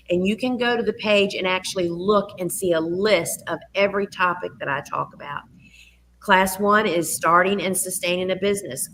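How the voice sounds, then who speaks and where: Chatty woman pitching courses. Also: a bit bright, a little hiss or hum, low-quality recording. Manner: chatty and enthusiastic, many fillers. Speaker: course host. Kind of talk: live Q&A sales pitch.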